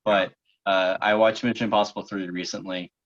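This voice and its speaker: A man's voice: low voice, flat delivery, a little fast. A young man co-hosting a podcast, offering opinionated hot takes in casual chat. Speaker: podcast co-host. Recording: dull lo-fi sound.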